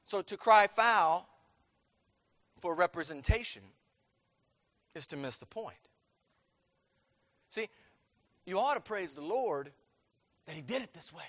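A man preaching a sermon to a congregation, emphatic, asking rhetorical questions and breaking into forceful outbursts. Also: fairly high pitch, animated, a little slow, pauses often, long reverb tail. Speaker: pastor.

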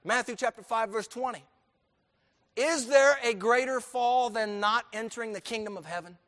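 A man with a high voice preaching to his congregation. He swings between soft, low passages and loud, driving emphasis, and throws questions out for the people to answer. His voice carries a long reverb through the church. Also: normal speed. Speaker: pastor. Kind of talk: sermon. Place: church sanctuary.

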